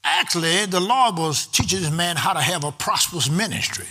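A man preaching a sermon, prompting the congregation to answer back and reading scripture aloud in a slow, stressed cadence. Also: sits high, expressive, bright, forceful tone. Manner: exhorting with call-and-response to the congregation. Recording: long hall reverb.

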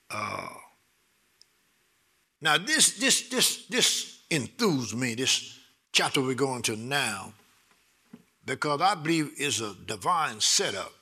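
A middle-aged man preaching a sermon, excitable, repeating words and building to loud bursts with laughter. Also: mid-range voice, slightly rough.

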